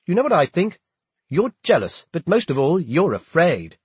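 A man voicing a defiant young captive who stands up to a pirate captain, lifting his voice higher. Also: expressive, moderate pace, husky, no room sound. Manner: sharp, challenging.

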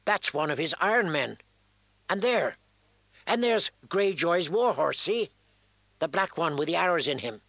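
Guy doing a tough wildling woman for an audiobook, higher and louder than his own voice, blunt. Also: lively intonation, measured pace, vocal fry, pauses often, no echo, exaggerated voice. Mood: grim. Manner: blunt, pointing things out.

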